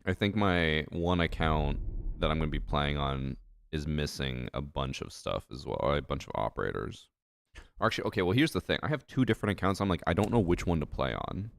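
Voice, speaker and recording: A young man chatting casually while live-streaming a game, relaxed and rambling with lots of "like" fillers. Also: very deep voice, a little fast, vocal fry, no room sound. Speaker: gaming streamer. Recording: steady clicking noise in background.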